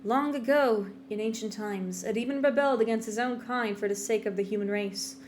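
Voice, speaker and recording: A woman voicing a brooding young female demon hunter, telling an old legend in a hushed, solemn dramatic monologue. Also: a little high, brisk, a little hiss or hum, natural voice. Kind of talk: voice acting a game monologue.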